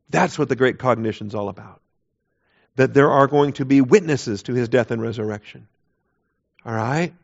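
A man of middle pitch gives a Bible lesson, leaning hard on repeated phrases and rhetorical questions. The recording is dull and lo-fi, as if taped in a lecture setting. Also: vocal fry. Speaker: Bible teacher. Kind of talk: expository Bible teaching.

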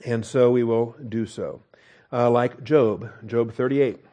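A male pastor preaching a sermon from the pulpit, his pitch neither high nor low. He talks in a wry, animated way and drops self-mocking asides. He speaks from a church pulpit. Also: slow pace, lo-fi sound.

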